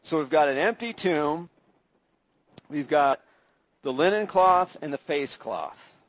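A man preaching a sermon, retelling scripture in measured storytelling and voicing quoted speakers with feeling. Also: fairly high pitch, animated, rough recording. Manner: measured storytelling, acts out quoted voices with rising intensity.

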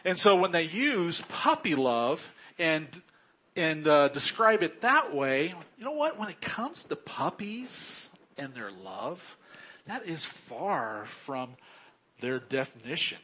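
A man's voice: fairly high pitch, big pitch swings, takes it slowly, pushed and bright, slight background noise. A middle-aged man preaching a sermon in a chatty, joking way, often chuckling. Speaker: pastor.

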